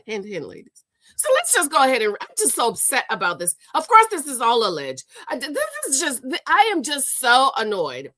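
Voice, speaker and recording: A woman's voice: high voice, huge pitch swings, moderate pace, a bit bright, no room sound. A woman hosting a gossip commentary show, exasperated and scolding, stammering and repeating herself as she rants. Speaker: host.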